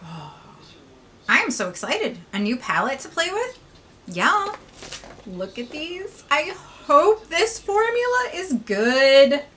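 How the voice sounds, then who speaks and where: A woman beauty vlogger gushes over new makeup, her bright voice swinging widely in pitch. She talks slowly, drawing out her excitement and sometimes sinking to a hushed whisper. A faint hiss sits under the recording. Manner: gushing, excitable, drops to whispers. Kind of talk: unboxing and swatching makeup.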